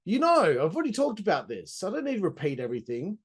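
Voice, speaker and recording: A man hosts a casual wrestling review in a voice that sits a touch high. He rambles through the recap and keeps dropping crude joking asides. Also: wildly swooping pitch, very fast, a little mellow, breathy edge. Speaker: host.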